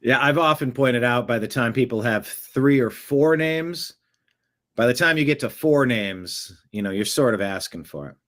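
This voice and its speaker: A man's voice: mid-range voice, lively intonation, normal speed, a bit bright. A man hosting an online show, introducing clips in a casual, wry way. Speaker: host.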